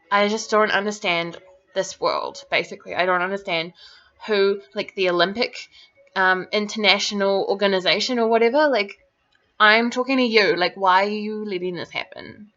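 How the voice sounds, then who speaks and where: A woman's voice: on the low side, fairly bright tone. A woman ranting indignantly to camera in a vlog, swearing often and filling her talk with "like". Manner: indignant, swearing, constant "like" fillers. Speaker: vlogger. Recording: dull lo-fi recording.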